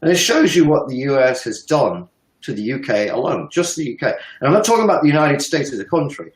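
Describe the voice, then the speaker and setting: A man's voice: a little high, very animated, a little fast, echoey room, low-quality recording. A man in his fifties giving heated, emphatic political commentary, sometimes swearing and laughing scornfully. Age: 50s. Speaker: guest commentator.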